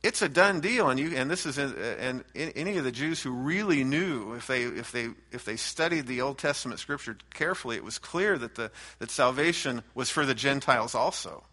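A man preaching a verse-by-verse sermon as a pastor, earnest and animated, often restarting his phrases as he works through the text. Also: mid-range voice, a little fast, hardly any pauses. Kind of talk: expository sermon.

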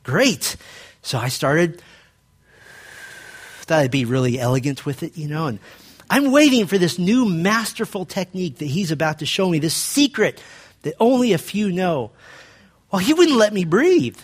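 A man pastor preaching a sermon, telling a personal story and dropping low and quiet to stress his points. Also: expressive, moderate pace, long pauses, husky.

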